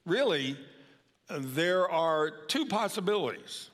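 A man's voice: a little high, lively intonation, takes it slowly, a bit bright. An older man giving a sermon as a guest preacher, talking in a loose, conversational way with many fillers. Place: church sanctuary. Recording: long hall reverb.

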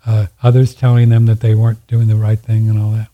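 A man's voice: on the low side, completely flat delivery, fast talker, dull audio. A man hosting a radio show, talking in a folksy, rambling way and often repeating himself. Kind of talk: casual conversation.

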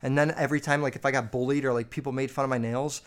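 A man's voice: medium pitch, fairly even intonation, racing. A man hosting his own podcast, telling family stories in a loose, profane, filler-heavy way. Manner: swears constantly, lots of fillers. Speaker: podcast host. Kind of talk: casual storytelling.

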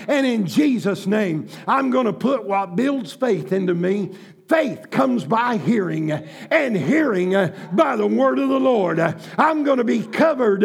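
Male preacher, very high and gravelly voice, fervent shouted sermon with folksy asides. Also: unhurried.

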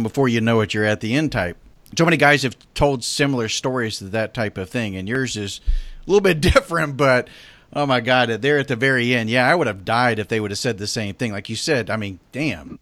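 Man podcast host, mid pitch, eager reactions, dry close sound. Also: a bit bright, no echo. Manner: enthusiastic, exclaims. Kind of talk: casual chat.

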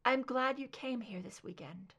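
A woman reading aloud voices an older mother who speaks softly and wistfully, tired of grief yet gently teasing her son. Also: on the high side, normal speed, slightly rough.

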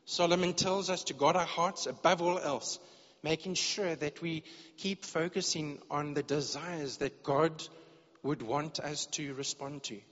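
An earnest male preacher gives a sermon to his congregation, sometimes stumbling and repeating words as he searches for his phrasing. His voice is slightly high for a man, fairly bright, and fairly even in intonation, with an unhurried pace. The dull, lo-fi recording carries a long reverb off the church hall's walls.

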